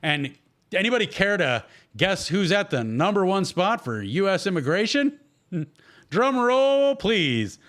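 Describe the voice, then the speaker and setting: A man's voice: high-pitched, big pitch swings, normal speed, fairly bright tone. A man hosting a solo podcast, talking bluntly with heavy swearing and sarcasm. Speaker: podcast host.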